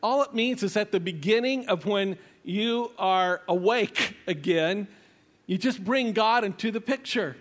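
Male pastor, high voice, relaxed and chatty sermon with playful asides. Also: a little slow. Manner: conversational, playful preaching with asides.

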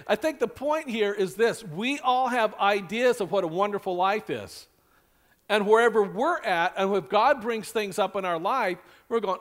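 A male pastor preaching a sermon in a conversational style, with lively asides and acted-out quotes. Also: high voice, moderate pace.

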